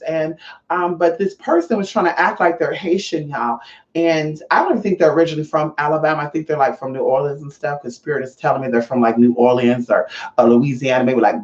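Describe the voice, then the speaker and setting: Sassy talker, profane, casual vlog chat, echoey room, slightly muffled sound. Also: medium pitch. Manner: sassy, profane and chatty, addressing viewers as y'all. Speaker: spiritual vlogger. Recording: roomy, slightly dull sound.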